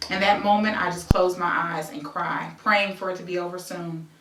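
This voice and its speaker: A woman's voice: on the low side, steady tone, normal speed, distant mic, noisy background. Woman reading her memoir aloud, echoey. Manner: present-tense storytelling broken by conversational asides. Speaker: memoir author and host.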